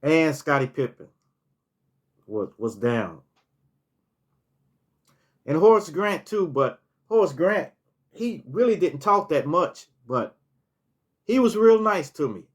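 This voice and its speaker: Slow and pausing often, a middle-aged vlogger with a slightly high, very animated voice tells casual stories. He rambles, restarts words and fills with "you know" while recalling things in this storytime monologue.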